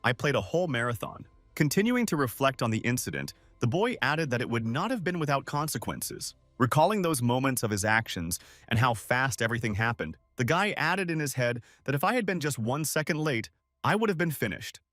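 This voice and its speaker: A man's voice: mid-range voice, fairly bright tone, dry recording. A man narrating a comic recap in a storytelling manner, reading quotes in line with the story. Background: faint music.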